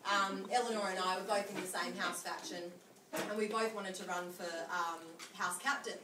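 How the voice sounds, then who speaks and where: A woman's voice: medium pitch, fairly even intonation, normal speed. Young woman giving a laughing toast. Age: young adult. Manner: storytelling, often laughing while speaking. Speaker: speech giver at a friend's 21st birthday. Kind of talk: humorous party speech. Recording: echoey room, mic far off, noisy.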